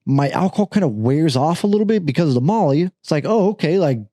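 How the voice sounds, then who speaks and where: A young man hosting a podcast, telling a party story casually, swearing constantly, laughing through it and jumping to a high voice to quote people. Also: quick pace, no echo, studio quality. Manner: profane, laughing, animated storytelling; jumps to a high voice when quoting others. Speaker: podcast host.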